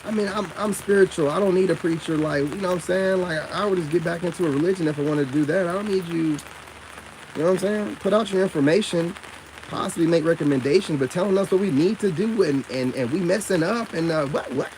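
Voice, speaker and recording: A man with a slightly high voice talks straight to camera in a loose, slangy monologue that keeps circling back on itself. When he gets indignant, his pitch leaps up sharply. Faint rain patters behind him. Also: fast, darkish tone, slight background noise. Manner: loose, repetitive, full of slang and fillers. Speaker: online commentator on narcissism.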